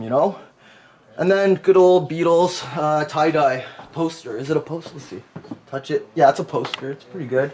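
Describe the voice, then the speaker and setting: A man casually showing viewers around a shop, chatty and quick to laugh. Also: on the high side, darkish tone. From Canada. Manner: chatty, laughs often, uses "check this out". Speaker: vlog host touring a shop. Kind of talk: casual walkthrough chat.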